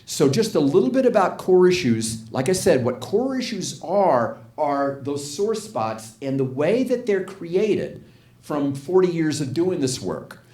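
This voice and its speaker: An older man telling a story in an inspirational talk, his voice rising and falling in a lively way as he acts out each line of dialogue. He sits fairly high for a man. The sound carries the echo of a hall. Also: a little slow. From United States. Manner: animated storyteller, acts out quotes, asks the audience questions. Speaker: guest speaker at a spiritual community. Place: church hall with audience. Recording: echoey hall.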